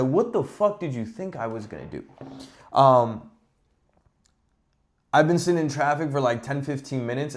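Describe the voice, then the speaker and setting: Podcast host, man, mid-pitched, animated profane rant, exasperated. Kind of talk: casual ranting monologue.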